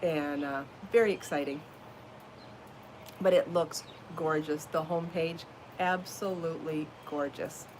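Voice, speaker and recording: A woman's voice: low voice, steady tone, measured pace, a little mellow, slight background noise. A woman hosting a casual live podcast from home, chatty and bubbly, laughing often as she talks. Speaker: podcast host and crochet designer. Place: home, then out in her garden.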